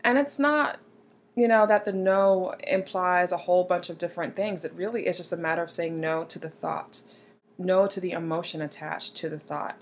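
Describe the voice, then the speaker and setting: A young woman talks straight to the viewer with earnest encouragement, as she gives self-help advice. Her voice sits fairly low for a woman. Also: normal speed, a little hiss or hum. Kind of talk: motivational advice talk.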